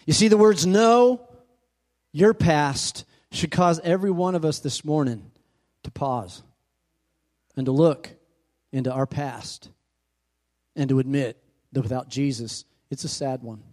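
A pastor preaching a sermon in a church who calls out for amens and asks the congregation questions. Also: male voice, medium pitch, moderate pace, long pauses, darkish tone. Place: church sanctuary.

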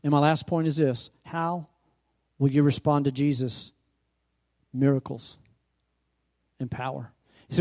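A man's voice: mid-range voice, fairly even intonation, a little slow, long pauses, darkish tone. A male pastor preaching a sermon, calling out questions to his congregation as he retells scripture. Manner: preaching with rising emphasis and call-outs to the congregation.

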